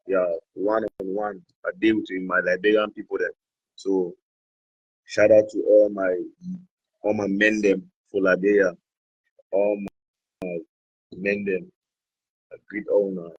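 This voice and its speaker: A man's voice: lowish voice, breathy edge, dry recording, low-quality recording. A man from Cameroon, a guest on an interview show, chatting casually and laughing often as he switches between French, English and pidgin. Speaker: guest blogger.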